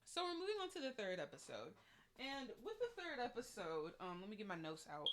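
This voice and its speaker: A young woman giving an animated, slangy recap of a reality show, acting out the quotes as she goes. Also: medium pitch, normal speed. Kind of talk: casual recap vlog.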